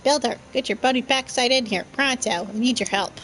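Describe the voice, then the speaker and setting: A woman voicing a gruff, bossy male skeleton pirate captain who talks in salty pirate slang. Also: a little high, fairly quick, a bit bright, a little hiss or hum, rough recording.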